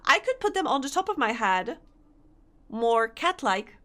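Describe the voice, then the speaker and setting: A woman's voice: fairly high pitch, big pitch swings, a little slow, bright, forceful tone. Giggly woman streamer. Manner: giggly, chatty, reacting to chat. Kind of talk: casual live-stream chat.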